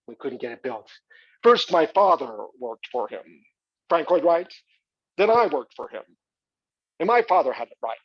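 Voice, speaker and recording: In a one-man stage play, an actor delivers a theatrical monologue as a wealthy, boastful male arts patron. His voice is a little high and husky, with big pitch swings, normal speed, and long pauses. The lo-fi recording sounds dull.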